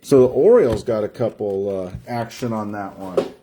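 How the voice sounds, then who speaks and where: A man's voice: lowish voice, normal speed, noisy background. A man hosting a live card break stream, chatting casually and drawing out player names as he opens packs. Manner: chatty, rambling, drawls out player names while opening packs.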